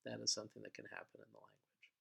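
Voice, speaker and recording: Male language teacher, lowish voice, patient explanatory lecture delivery with frequent uhs. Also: sing-song, rapid-fire, creaky, sharp tone, breathy edge. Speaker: Hebrew teacher. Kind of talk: recorded vocabulary lecture.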